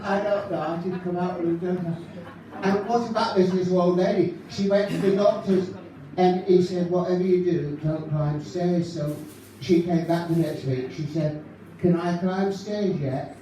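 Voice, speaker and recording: A man's voice: high voice, fairly even intonation, normal speed, warm tone, slight background noise, lightly acted. A man doing an impression of a nervous, giggly male stand-up comedian who rambles through his jokes at a live show. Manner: nervous laughing, rambling gag delivery. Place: live concert venue. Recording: echoey hall mic from far off.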